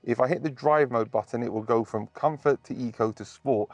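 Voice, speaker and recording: A man's voice: medium pitch, brisk, no room sound. A man reviewing a car from inside it, talking enthusiastically and full of praise. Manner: gushing, superlative-heavy.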